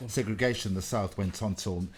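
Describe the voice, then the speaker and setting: A man's voice: fairly low pitch, a little fast, slight background noise. A man co-hosting a casual live-streamed chat, arguing his points and throwing in rhetorical questions.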